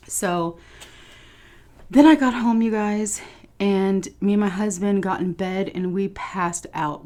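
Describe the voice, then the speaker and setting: A young woman vlogger telling a personal story to her viewers in a casual, chatty way, swearing now and then and laughing. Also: fairly low pitch. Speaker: food vlogger.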